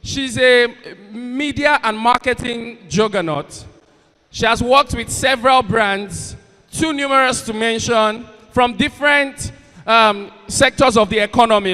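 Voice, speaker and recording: Working the stage of a big university event hall, this male comedian and MC mixes stand-up banter with hosting, needling the audience and whipping up the crowd. His very high voice sounds pushed and bright, a touch slow. Long hall reverb hangs on everything coming over the PA.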